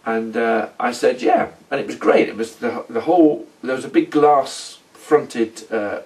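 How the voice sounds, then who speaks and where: Man, middle-aged, rambling halting story, role-play monologue, mid-pitched, slightly distant mic. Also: darkish tone. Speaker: former oil company manager in a role-play.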